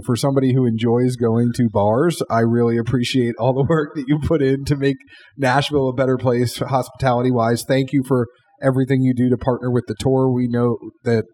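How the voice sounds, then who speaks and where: In a hotel bar, a podcast host wraps up an interview with a casual, chatty ramble of thanks and jokes. His medium-pitched, warm voice stays fairly even and moves a little fast.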